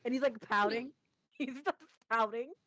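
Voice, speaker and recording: A woman describes her character in a casual tabletop game, her tone bright and a little sharp. She laughs often and restarts her sentences as she goes. The sound is close and dry. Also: fairly high pitch, normal speed, dry recording. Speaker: player.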